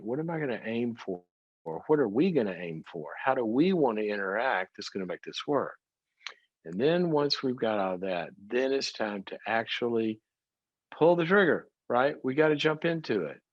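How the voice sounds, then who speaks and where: A middle-aged man talks in a folksy, conversational teaching style, peppering his points with rhetorical questions. His pitch moves up and down a lot. The recording is dry and close, with a slightly dull, muffled tone. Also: expressive, normal speed, no room sound. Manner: folksy, uses everyday examples and rhetorical questions. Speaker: psychologist and speaker.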